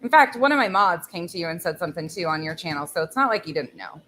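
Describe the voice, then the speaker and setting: A woman's voice: lowish voice, animated, fast, sharp tone, slight background noise. A woman hosting a casual cooking livestream, chatting with viewers in a blunt, chatty way, swearing freely and laughing often. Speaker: livestream host.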